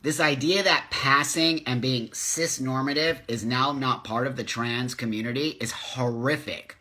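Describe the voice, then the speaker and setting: A middle-aged man talks straight to his live-stream viewers, reading their comments and answering them. His voice is bright and forceful, and he speaks with passion and open emotion as he rants. It sounds like a webcam or phone mic at home. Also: mid-range voice, steady tone, unhurried, few pauses. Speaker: host of a live community video chat.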